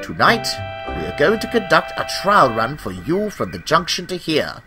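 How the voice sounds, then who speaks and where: A man's voice: a little high, wildly swooping pitch, moderate pace, over music, voice pushed up. A man voicing a cheerful, pompous male aristocrat in a storybook tale. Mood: excited. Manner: pompous, enthusiastic.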